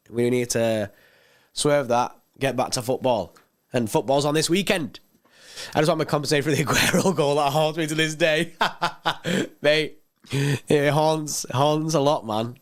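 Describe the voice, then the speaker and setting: Laid-back man hosting a livestream. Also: medium pitch. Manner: laid-back, chatty, reads out viewer comments. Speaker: fan channel livestream host. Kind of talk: casual livestream chat.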